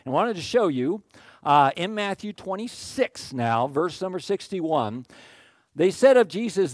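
A man's voice: fairly high pitch, moderate pace, dry recording, clean studio sound. A male pastor delivering a conversational sermon, often checking in with the congregation and acting out what the crowd said. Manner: conversational, animated, acts out crowd quotes.

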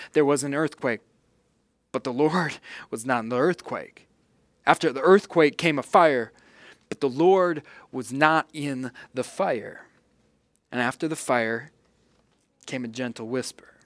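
A man preaching a sermon as the pastor, with an earnest manner. His voice sits a little higher than most men's and swings from loud to hushed. The sound is close and dry, with no room echo.

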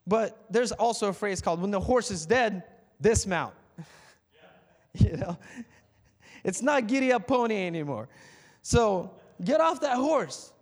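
A man with a high voice preaches in a loose, conversational way, peppering his talk with fillers. He builds to emphatic calls to his congregation, and his words ring out in a church hall with a long echo. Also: a little mellow. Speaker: pastor. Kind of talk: sermon.

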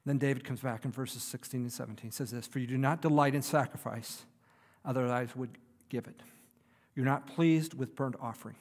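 A man preaching a sermon, swinging from loud emphatic lines to soft, near-whispered ones. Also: medium pitch, fairly even intonation, fairly quick. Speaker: pastor. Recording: long hall reverb.

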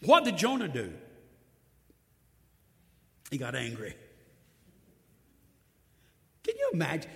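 A male preacher tells a Bible story in a folksy, emphatic sermon, repeating his points. His fairly high voice rises and falls in wide swings. The sound rings with a long reverb from the church hall. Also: huge pitch swings, moderate pace, creaky, pauses often.

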